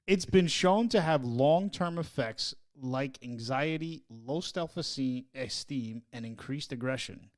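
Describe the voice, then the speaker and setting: A man's voice: medium pitch, a little slow, few pauses. A man co-hosting a casual podcast chat, reading passages aloud and then arguing his point emphatically, laughing often. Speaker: podcast co-host.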